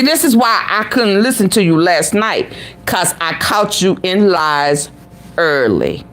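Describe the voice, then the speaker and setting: A woman's voice: mid-range voice, a bit bright. A woman vlogger giving reaction commentary, sassy and exclamatory, talking back at the clip she plays.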